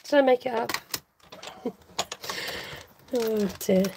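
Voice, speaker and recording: A woman's voice: fairly high pitch, slow, vocal fry, background noise. A woman hosting a card-making tutorial, chatting and thinking aloud to herself as she works. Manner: chatty, self-talking, giggly, scattered.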